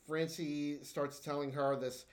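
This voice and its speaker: A man co-hosting a podcast in casual chat, halting and hesitant, often repeating himself and murmuring agreement. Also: fairly high pitch, little pitch movement. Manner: hesitant, stumbles and restarts, many agreeing murmurs. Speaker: podcast co-host.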